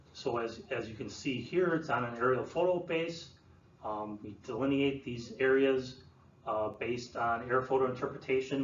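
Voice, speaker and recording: A man presenting to an audience, explaining in a relaxed way with many fillers and restarts. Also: medium pitch. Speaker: land use planner presenting. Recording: roomy, distant, dull sound with faint room noise.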